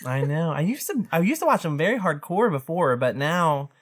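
A woman's voice: deep voice, very animated, normal speed. A woman co-hosting a casual podcast, upbeat as she reads quotes aloud and sets up a game. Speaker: podcast co-host.

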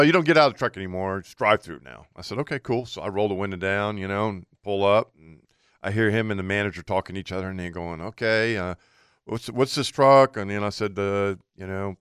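A man's voice: lowish voice, clean tone, dry recording, studio quality. A man co-hosting a radio talk show, telling a long story in a casual way and acting out what people said. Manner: animated anecdote teller acting out quotes.

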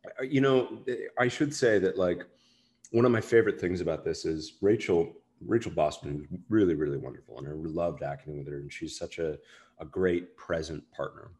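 A man's voice: sits low, moderate pace, darkish tone. A man, an actor, chatting casually in an interview, rambling and self-deprecating with many fillers. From United States. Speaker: actor guest.

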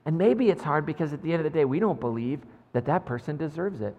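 This pastor's voice is a little high, creaky, and a little mellow, expressive and fast, with the highs cut off. He preaches conversationally in a church sanctuary full of long reverb, using "like" and "right?" a lot and joking with the congregation.

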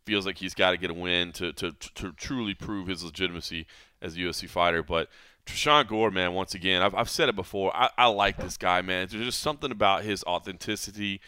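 A man's voice: sits low, a little fast, bright, forceful tone, clean tone, no echo. Man, podcast host, earnest reflective chat, dry close sound. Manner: earnest, reflective, lots of "man" and "you know".

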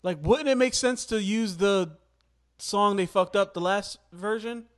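A man's voice: high-pitched, unhurried. Laid-back, amused podcast co-host man. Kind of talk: casual chat.

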